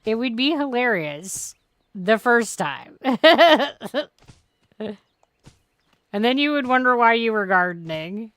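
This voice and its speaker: A woman's voice: a little high, very animated, slow pace, pauses often, fairly bright tone, no echo. A woman streamer chatting through a farming game, rambling and joking with plenty of swearing. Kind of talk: casual gameplay commentary.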